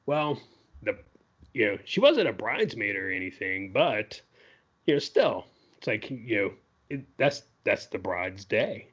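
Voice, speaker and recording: A man's voice: lowish voice, big pitch swings, measured pace, a bit bright, breathy edge, highs cut off. A man co-hosting a podcast, telling a story in a loose, chatty way, full of "you know" and "right?" asides. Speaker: podcast co-host. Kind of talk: casual storytelling.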